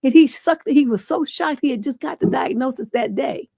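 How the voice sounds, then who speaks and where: Frank mellow-voiced advice host. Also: female voice, high-pitched, expressive, normal speed, slightly rough, dry recording, clean studio sound. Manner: reads a letter aloud, then answers in a frank, folksy way. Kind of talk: livestream advice chat.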